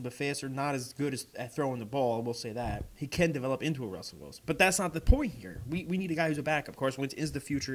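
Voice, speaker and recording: A young man ranting casually in a video reaction, exasperated and swearing, growing louder as he goes. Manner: exasperated, swears, gets louder and higher as he rants. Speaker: vlogger.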